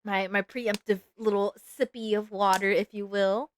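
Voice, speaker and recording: A woman's voice: medium pitch, little pitch movement, normal speed, slight background noise. A woman chatting casually on a live stream, goofy and rambling, often poking fun at herself. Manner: goofy, rambling, self-mocking.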